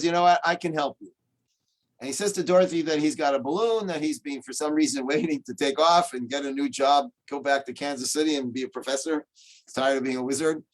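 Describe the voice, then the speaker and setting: Joking rabbi teaching over a video call. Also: male voice, a little high. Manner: joking, animated storyteller. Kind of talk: humorous storytelling lecture.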